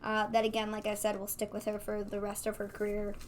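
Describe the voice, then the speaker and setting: A woman's voice: mid-range voice, completely flat delivery, fairly quick, a little mellow, slight background noise. A woman co-hosting a casual live-stream recap, giving blunt and dismissive opinions. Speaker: co-host.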